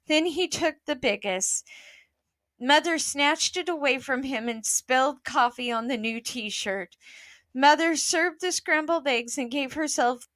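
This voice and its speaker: A woman reading a children's book aloud, expressive, with small slips and asides. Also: high voice, no echo.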